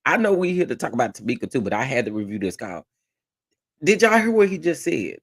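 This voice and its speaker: A man's voice: mid-range voice, big pitch swings, a little fast, a bit bright. A man hosting a reaction commentary, talking back at a played call, incredulous and exclaiming, repeating lines for emphasis. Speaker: commentary vlogger.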